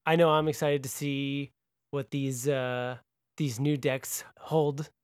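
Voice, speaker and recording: A man's voice: mid-range voice, level tone, slow, smooth, no room sound, clean studio sound. Easygoing male podcast host. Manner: easygoing, self-deprecating. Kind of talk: casual interview chat.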